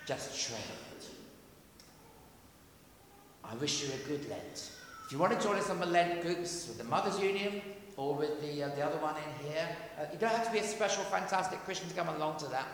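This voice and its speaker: A man preaching a sermon in a church, earnest and emphatic, dropping to a hush for quoted voices. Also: on the high side, animated, normal speed, slight background noise. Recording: echoey church, heard from a distance.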